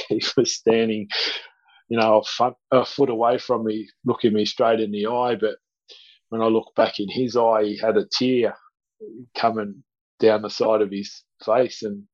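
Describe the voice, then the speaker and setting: A man telling a story as a podcast guest, halting with many restarts. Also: lowish voice, lo-fi sound. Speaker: guest speaker.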